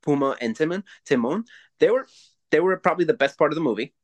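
A man in his forties co-hosting a podcast, chatting casually and telling profane, animated stories. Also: a little high, fast talker, dry recording. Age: 40s. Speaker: podcast co-host. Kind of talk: casual chat.

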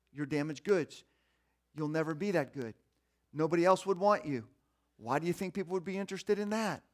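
A man preaching a sermon in an animated way, acting out the voices of the people he quotes. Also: very high-pitched. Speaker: pastor.

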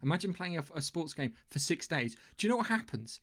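A man's voice: a little high, fast talker. A man from England co-hosting a podcast, chatting casually with frequent swearing and jokes. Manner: swears freely, animated and joking. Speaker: podcast co-host. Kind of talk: casual chat.

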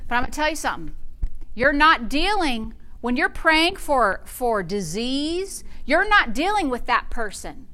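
A woman pastor preaches with fervent conviction, her voice high and bright. She drives her points home to the congregation and answers herself with praise. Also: expressive, a little slow. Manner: fervent preaching with call-and-response interjections. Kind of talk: sermon.

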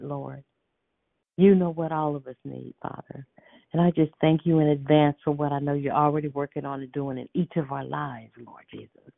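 Woman praying, fervent, repetitive praise, gravelly edge, tinny phone line. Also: low voice, dry recording. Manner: fervent, repeating praise words. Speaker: prayer line leader. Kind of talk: spoken prayer on a phone line.

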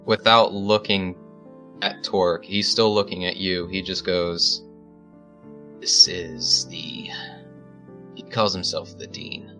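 Bright-voiced man running a tabletop game. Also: low voice, faint music behind. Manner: relaxed, halting narration with fillers. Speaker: game master.

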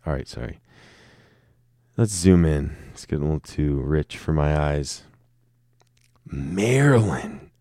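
A man's voice: extremely low pitch, expressive, takes it slowly, long pauses, dark tone, no room sound, clean studio sound. A young man talking in a rambling, joking, profane monologue, poking fun at himself. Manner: joking, profane, self-mocking.

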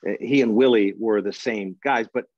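A man's voice: lowish voice, moderate pace, no room sound. A man interviewing a relative in casual family chat, easygoing and swearing casually. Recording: dull lo-fi dry sound.

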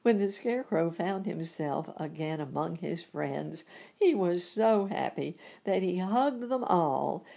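A woman reading a children's storybook aloud, gentle and unhurried. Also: lowish voice, lively intonation, gravelly. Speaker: reader. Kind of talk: storybook narration.

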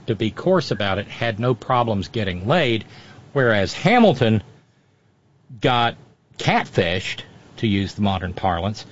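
A man's voice: fairly low pitch, big pitch swings, measured pace, lo-fi sound. A man giving wry, storytelling commentary as a regular on a radio talk show, often restarting his sentences.

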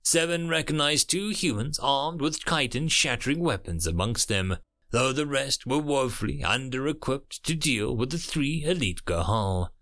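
Reading like an audiobook at a normal speed, a man narrates a dramatic tale steadily and expressively. His voice is lively and animated, with pitch that swings up and down widely.

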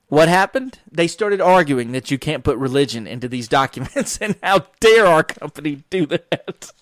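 A man's voice: on the high side, normal speed, hardly any pauses, no room sound. A man, a professional wrestler, telling rambling work stories in a casual monologue, acting out what others said. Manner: rambling, animated quoting of others.

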